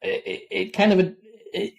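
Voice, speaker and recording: A man's voice: sits high, level tone, measured pace, gravelly, a little mellow. An Irish man co-hosting a podcast, chatting about a film, laughing easily and acting out quotes. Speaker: podcast co-host. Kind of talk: casual film review chat.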